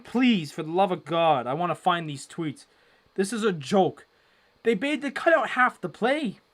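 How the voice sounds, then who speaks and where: A young man hosting a casual live hockey watchalong, rambling with lots of fillers and breaking into loud exasperation. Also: high-pitched, lively intonation, measured pace. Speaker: livestream watchalong host.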